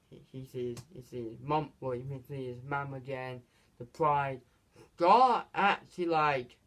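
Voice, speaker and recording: Rambling casual movie reviewer. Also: mid-range voice. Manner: rambling plot retelling, repeats "basically" and "this is where"; halting, frequent restarts and stumbles.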